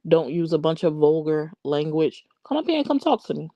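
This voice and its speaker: A woman's voice: sits low, very animated, brisk, dark tone, no room sound, muffled recording. A woman hosting a casual livestream, chatting and answering viewers by name. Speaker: livestream host. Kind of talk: casual live chat.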